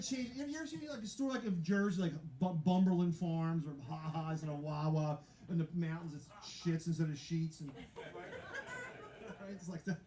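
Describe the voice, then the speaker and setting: A man's voice: sits high, mellow, a little hiss or hum. A man doing a stand-up comedy set at a live venue, rambling and self-mocking, often laughing at his own jokes. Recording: roomy live venue sound.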